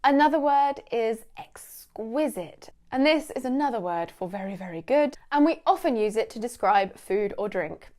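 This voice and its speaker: A woman's voice: a little high, lively intonation, normal speed, hardly any pauses, a little mellow. A young British woman teaching English vocabulary in a casual, playful way, laughing often.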